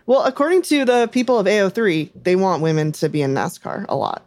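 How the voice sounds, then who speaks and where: Lively wry podcast woman. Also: mid-range voice, no echo. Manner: wry, chatty, quick to ask questions. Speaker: podcast co-host. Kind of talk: casual chat.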